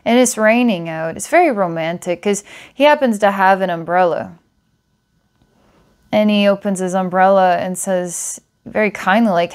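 A woman's voice: on the low side, moderate pace, darkish tone. A woman psychic giving a client a past-life reading, meandering with filler words and small laughs. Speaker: psychic reader.

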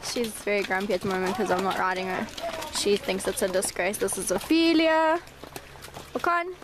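Walking through her stables, a woman vlogs a little fast over background noise. She chats casually to viewers and calls out to the horses in a high sing-song.

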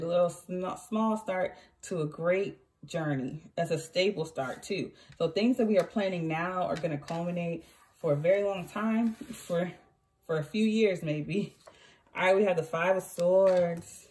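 A woman's voice: on the low side, darkish tone. A woman giving a casual tarot reading who chats freely, corrects herself and laughs often. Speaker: tarot reader.

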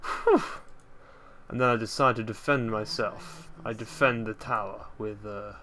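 A man's voice: fairly low pitch, steady tone, moderate pace, bright, forceful tone. A man giving casual, rambling commentary over his own gameplay, joking at his own expense. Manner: rambling, self-mocking, jokey.

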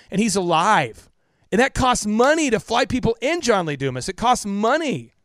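A man in his thirties tells stories as a podcast guest. He pushes his points with emphatic repetition and sinks to a hush in tender parts. His voice sits slightly high and sounds close and dry. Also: very animated, moderate pace, no room sound. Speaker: podcast guest, business coach. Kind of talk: impassioned storytelling interview.

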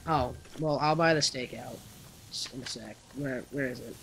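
A young man chatting and planning out loud while playing a co-op game. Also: medium pitch, normal speed, vocal fry, crowd noise. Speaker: gamer. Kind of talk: let's play commentary. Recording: game noise behind voice.

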